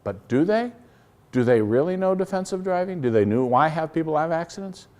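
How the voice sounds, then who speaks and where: A man's voice: a little high, animated, brisk, darkish tone. A middle-aged man, a company CEO giving a live business presentation. He talks in a blunt, folksy way, tells stories with quoted dialogue, and throws rhetorical questions at the crowd.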